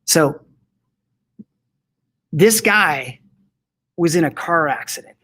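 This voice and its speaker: Enthusiastic man, slightly high voice. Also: expressive, slow pace, bright, forceful tone, rough recording. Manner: enthusiastic, laughs often, many restarts. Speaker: guest, company founder. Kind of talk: casual interview. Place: indoor room with air conditioning.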